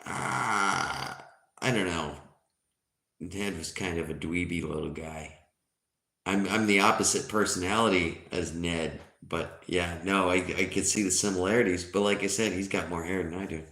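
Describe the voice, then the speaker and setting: A man's voice: low-pitched, moderate pace, a bit bright. A man in his forties hosting a casual livestream, joking and chatting with viewers. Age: 40s. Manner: joking, chatty, reading chat aloud. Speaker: livestream host. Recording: roomy echo.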